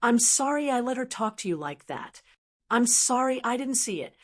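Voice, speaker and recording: A man's voice: very high voice, very animated, normal speed, fairly bright tone, exaggerated voice. A woman voicing a forty-year-old son, ashamed and crying, his voice breaking as he apologizes. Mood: remorseful. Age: 40s. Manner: broken, apologetic. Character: grown son, ashamed and tearful.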